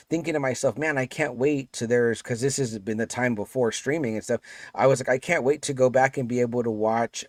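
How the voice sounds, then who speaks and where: A man's voice: medium pitch, no echo. A man in his forties, a podcast guest, chatting casually and rambling with lots of fillers and restarts. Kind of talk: casual chat.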